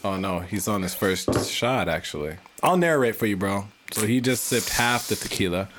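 A man's voice: fairly low pitch, animated, normal speed, noisy background. A young man in casual, playful chat, narrating and teasing his friends during a drinking game.

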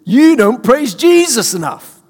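A man putting on a Kansas accent to play a forceful older doctor who prophesies over people. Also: sing-song, unhurried, breathy edge, big-room sound, exaggerated voice. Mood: commanding. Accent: American Kansas, imitated. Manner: booming, insistent commands.

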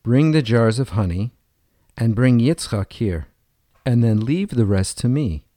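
Man voicing a wise shepherd boy, gentle, tender, calm. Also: medium pitch, a little slow, no room sound, clean studio sound, natural voice.

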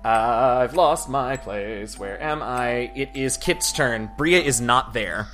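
A man's voice: medium pitch, slow pace, fairly bright tone, soft background music. A man narrating as game master of a tabletop game, describing scenes with some hesitant restarts.

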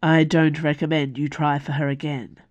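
A woman's voice: low-pitched, flat delivery, moderate pace, darkish tone, lo-fi sound, close to an everyday voice. A woman voicing a dry, wry male assassin priest in an audiobook reading, giving unruffled retorts.

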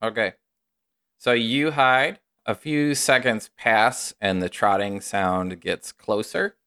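A man narrating a tabletop game as game master, unhurried and descriptive. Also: on the low side, sharp tone, clear, resonant tone.

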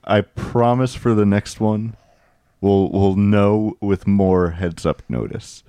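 A young man co-hosting a loose podcast, telling a story in a rambling way with fillers and laughs. His voice sits low, and the sound is dry and close with no room in it. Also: takes it slowly, dark tone, clear, resonant tone, no echo. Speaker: podcast host. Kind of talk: casual podcast chat.

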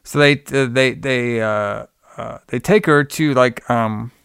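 A man's voice: mid-range voice, slow pace, creaky, a bit bright, smooth, dry recording, studio quality. A man co-hosting a podcast, casually retelling a movie plot in a rambling way full of fillers. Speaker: podcast co-host. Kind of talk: casual movie review chat.

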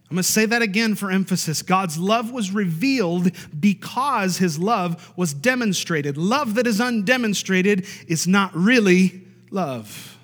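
A man preaching with a high-pitched, emphatic delivery, driving points home by repeating them and asking for amens. His voice rings out with the long reverb of a large church hall. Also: fairly bright tone. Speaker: pastor. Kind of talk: sermon.

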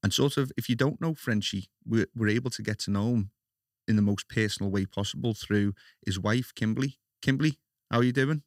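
A man's voice: on the low side, brisk, no echo, clean studio sound. A man with a Scouse accent hosting a podcast interview, friendly and chatty, often laughing at his own slips. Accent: Liverpool Scouse. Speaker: podcast host.

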